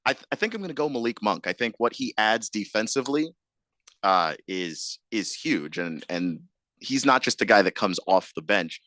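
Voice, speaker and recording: A man with a low voice talks basketball on a sports radio show, working through his picks out loud with plenty of restarts. The studio sound is close and dry. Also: expressive, moderate pace, no echo. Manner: thoughtful basketball analysis with frequent restarts. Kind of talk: casual sports talk.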